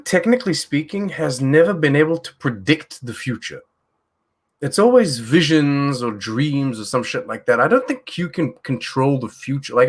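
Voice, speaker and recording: A man's voice: medium pitch, slightly rough. A man co-hosting a casual live-stream chat, teasing and easygoing, with plenty of "like" and "you know". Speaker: co-host.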